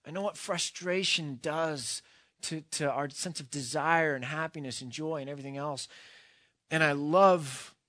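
A man's voice: a little high, measured pace, a bit bright, no echo, clean studio sound. A man reading a storybook passage aloud, then speaking earnestly and reflectively in a sermon.

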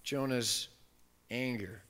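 A man preaching a sermon, animated and playful, acting out the voices of the story's characters. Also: medium pitch, takes it slowly. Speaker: pastor. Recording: long reverb of a large hall.

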